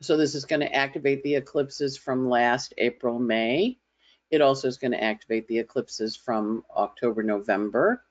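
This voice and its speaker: A woman's voice: rumbling low, normal speed. A woman astrologer giving a casual weekly forecast, talking in a chatty, conversational way and slipping into playful voices as she imitates others. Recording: slightly dull lo-fi audio.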